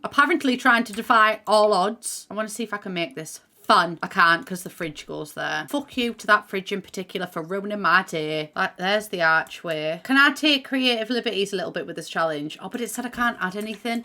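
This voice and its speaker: A woman's voice: mid-range voice, brisk, sharp tone. Sweary chatty Teesside woman. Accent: Teesside English. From Middlesbrough, England. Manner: chatty, sweary and self-mocking. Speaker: gaming YouTuber. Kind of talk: gameplay commentary.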